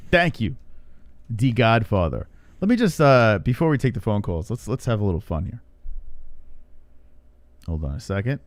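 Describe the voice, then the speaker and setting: A man's voice: lowish voice, very animated, normal speed, pauses often, no echo. A man hosting a casual livestream podcast, joking and teasing with banter. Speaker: podcast host.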